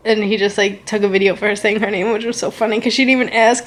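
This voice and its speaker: A woman's voice: medium pitch, flat delivery, quick pace. A young woman telling a casual storytime vlog, gushing and rambling, with lots of "like" and "so good". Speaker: vlogger.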